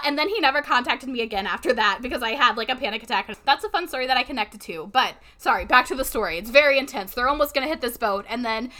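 A woman's voice: sits high, lively intonation, quick pace, hardly any pauses, sharp tone. A young woman co-hosting a casual chat, recapping a story and acting out the characters' lines. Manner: chatty, acts out characters' lines with swearing.

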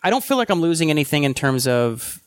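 A man co-hosting a casual tech podcast, thinking aloud in a loose, halting way with frequent restarts. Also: a little high, sing-song, clear, resonant tone, no room sound, clean studio sound. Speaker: podcast co-host.

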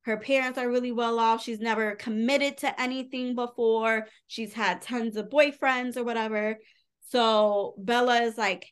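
Woman, podcast co-host, casual book recap, smooth clear voice, slightly high. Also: fairly even intonation, a little slow. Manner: chatty, filler-heavy retelling with quoted dialogue.

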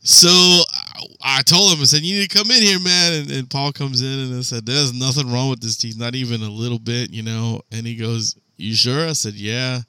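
A man's voice: mid-range voice, fairly even intonation, normal speed, hardly any pauses, pushed and bright, clean tone, no echo. A man co-hosting a podcast, telling a work story in casual, profane chat and laughing through it. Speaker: podcast co-host.

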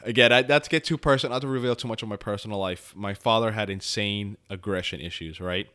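Bright-voiced man rambling in casual chat. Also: fairly low pitch, fast. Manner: rambling, animated, swears freely. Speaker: podcast co-host.

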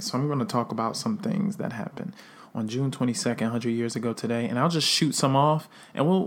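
A man co-hosting a casual podcast, talking loosely with swearing and laughter. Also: mid-range voice. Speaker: podcast co-host. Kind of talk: casual chat.

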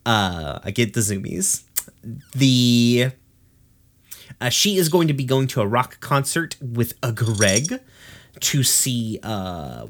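A man's voice: mid-range voice, sing-song. A man co-hosting a podcast, recapping a cartoon episode in rambling casual chat, swearing freely and laughing often. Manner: rambling, profane, laughs often, voices characters in quick asides.

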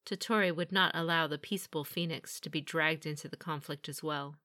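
Bright-voiced woman narrating fantasy. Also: low-pitched, a little fast. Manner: steady, even storytelling. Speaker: audiobook narrator.

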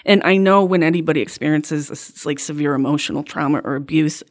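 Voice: mid-range voice, quick pace. A podcast host in casual conversation, talking effusively with lots of fillers and sympathetic interjections. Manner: effusive, filler-heavy, chatty.

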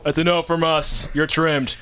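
A man's voice: a little high, little pitch movement, moderate pace, sharp tone, slight background noise. A man hosting a call-in comedy show, teasing and brash with crude jokes. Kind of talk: joking radio-style banter.

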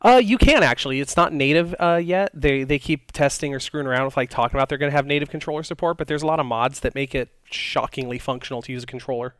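A man co-hosting a casual podcast, talking loosely with frequent fillers and restarts. His voice is smooth and resonant, sitting at a middle pitch. The recording is dry and close. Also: quick pace, hardly any pauses, a bit bright, no echo. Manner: rambling, many fillers and restarts. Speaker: podcast co-host. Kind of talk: casual chat.

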